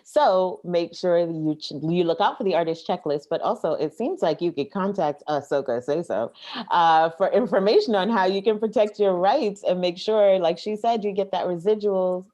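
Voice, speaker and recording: A woman's voice: lowish voice, moderate pace, warm tone. A Caribbean American woman co-hosting a casual podcast chat, playful and giving emphatic, repeated advice. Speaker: podcast co-host.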